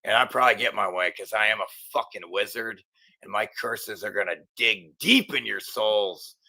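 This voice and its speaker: A man's voice: fairly low pitch, moderate pace, vocal fry, bright, forceful tone. A middle-aged man hosting his own channel, ranting angrily in a profane, agitated monologue full of stumbling restarts. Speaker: channel host.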